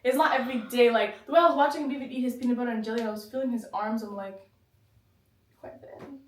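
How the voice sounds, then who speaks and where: A woman's voice: fairly high pitch, steady tone, rapid-fire, a little hiss or hum. A young woman co-hosting a casual podcast, talking bluntly, swearing and acting out the people she quotes. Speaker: podcast co-host. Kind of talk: casual chat. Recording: echoey room, mic at a distance.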